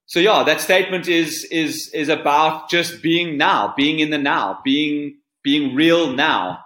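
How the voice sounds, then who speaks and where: Earnest man telling a story, bright voice. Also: on the high side, slow pace. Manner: earnest, repeats words as he searches for them. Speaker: surf coach guest. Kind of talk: storytelling interview answer. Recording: roomy echo.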